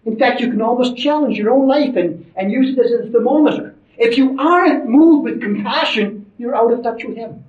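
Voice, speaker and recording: A man's voice: very high voice, brisk, few pauses, a little hiss or hum. A man preaching a sermon in an emphatic, conversational way, with frequent asides to his listeners. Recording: roomy, distant, dull lo-fi sermon recording.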